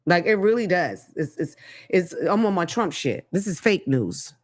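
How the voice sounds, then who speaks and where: Animated, profane woman host. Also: lowish voice, moderate pace. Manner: blunt, profane, animated, laughs often. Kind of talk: casual commentary monologue.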